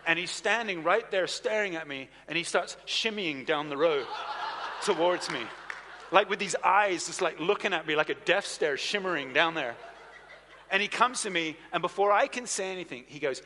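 A man preaching a sermon, telling a personal story in an animated, anecdotal way with asides to the audience. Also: a little high, fairly quick. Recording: reverberant hall sound.

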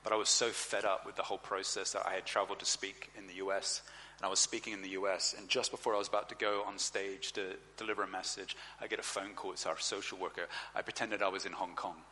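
A man telling a personal story in a sermon, animated and acting out the other voices in his story. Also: low voice, quick pace, a little hiss or hum. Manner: animated storyteller, acts out dialogue. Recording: long hall reverb.

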